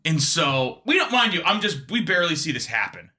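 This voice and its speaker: Man, comedian guest, animated storytelling, very lively pitch, bright forceful voice. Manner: animated, restless, quick restarts and laughs. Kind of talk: casual storytelling on a podcast.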